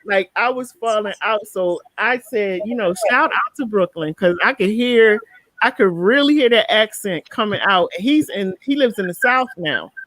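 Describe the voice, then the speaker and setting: A woman hosting a casual live talk show, chatting and telling animated stories. She sounds tired near the end of the night. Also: mid-range voice, normal speed, dry recording. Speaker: show host.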